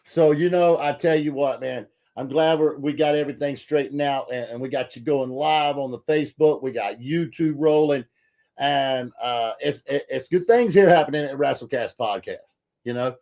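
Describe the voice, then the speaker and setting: A man hosting a podcast in casual, folksy chat, full of fillers and bursts of excitement. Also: mid-range voice, normal speed. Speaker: podcast host.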